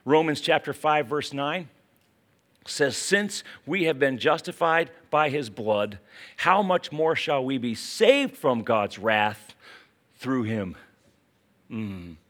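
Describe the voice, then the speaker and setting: Man, West Virginia accent, pastor preaching, slow deliberate delivery, hushed asides into urgent pleas. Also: mid-range voice, very animated. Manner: dramatic swings from hushed asides to urgent exclamations. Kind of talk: sermon.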